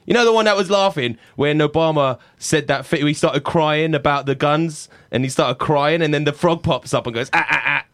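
A man's voice: fairly high pitch, moderate pace, few pauses, a bit bright, no room sound, studio quality. A man playing a crude, laddish bloke who swears and teases his mate in an improv comedy scene. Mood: cheeky. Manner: cheeky, swearing, laddish slang.

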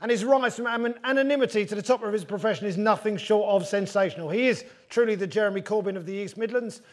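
A man's voice: sits high, fast. A man hosting a comedy panel show, telling wry jokes between topics. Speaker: host.

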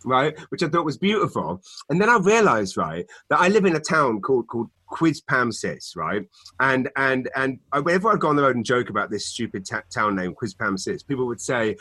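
A man co-hosting a podcast, chatting casually and telling animated stories full of fillers and restarts. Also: medium pitch, fairly quick, husky, no room sound. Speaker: podcast co-host. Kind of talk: casual chat. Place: home in Canada.

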